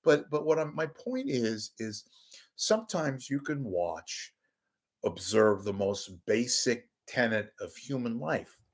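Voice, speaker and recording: A middle-aged man hosting a talk show, telling a casual, animated, self-deprecating story. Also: medium pitch, slow pace. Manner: animated, self-deprecating storyteller who acts out his own yelling. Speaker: podcast host.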